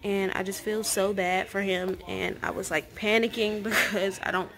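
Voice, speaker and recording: A woman's voice: medium pitch, fairly even intonation, normal speed, creaky, fairly bright tone. A young woman and mother vlogging at home to the camera, frank and chatty, peppered with "like" and "y'all". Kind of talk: casual vlog talk to camera. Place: at home, indoors.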